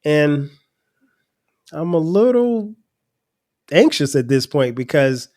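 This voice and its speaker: A middle-aged man telling a personal story on his podcast. His voice sits a little higher than most men's, and his telling is casual, chatty and full of laughs. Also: sing-song, slow pace, a little mellow. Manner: casual, conversational, laughs often. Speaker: podcast host.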